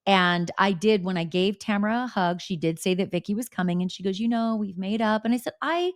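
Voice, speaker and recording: A woman's voice: medium pitch, brisk, no room sound, clean studio sound. A woman hosting a podcast, telling candid gossip stories in casual chat with blunt swearing. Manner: animated, candid storytelling with swearing. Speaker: podcast host.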